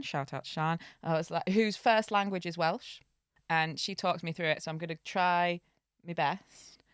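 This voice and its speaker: A woman's voice: lowish voice, a bit bright, smooth, dry recording. Woman podcaster with a dry voice. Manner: chatty, laughs often, stumbles on names. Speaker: podcast co-host. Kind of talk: casual chat and storytelling.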